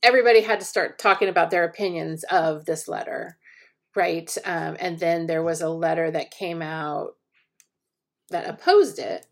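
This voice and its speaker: A woman co-hosting a podcast, talking through a topic casually and thoughtfully, often pausing to restart her sentences. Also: lowish voice, fairly even intonation, vocal fry. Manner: thoughtful, hesitant, with many restarts. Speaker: podcast co-host. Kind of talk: casual discussion.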